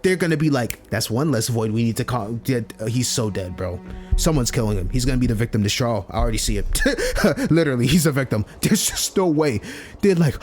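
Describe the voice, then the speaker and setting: Excitable young man with a lively voice. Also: medium pitch, brisk, soft background music. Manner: excitable, slangy, laughs often. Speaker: let's play streamer. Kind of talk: game commentary, reading dialogue aloud.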